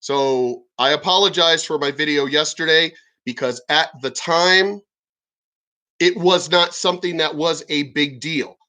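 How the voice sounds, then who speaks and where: Bright, profane veteran man rambling. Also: a little high, measured pace. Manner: profane, rambling, with many restarts and throat clearing. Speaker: military veteran vlogger. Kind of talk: casual vlog monologue.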